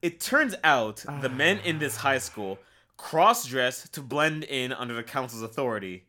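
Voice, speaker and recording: A man's voice: mid-range voice, expressive, unhurried, sharp tone. A tipsy man co-hosting a casual review chat, sardonic and swearing freely. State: tipsy from drinking. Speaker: podcast co-host.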